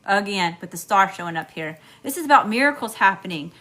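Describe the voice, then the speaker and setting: A woman's voice: mid-range voice, expressive, a little fast, pushed and bright. A middle-aged woman with a Southern US accent, giving an emphatic live tarot reading straight to her viewers. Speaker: tarot reader.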